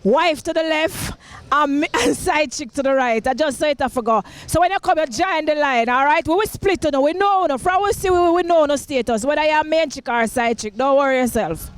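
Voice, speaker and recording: Jamaican woman comic, very high voice, cheeky promo banter. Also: brisk. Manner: bawdy, teasing, laughs often. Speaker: stand-up comedian. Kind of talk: playful promo chat.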